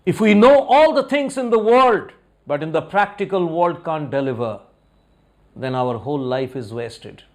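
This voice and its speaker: A man's voice: a little high, expressive, normal speed. A man giving a motivational talk, telling a story and putting rhetorical questions to his audience. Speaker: motivational speaker.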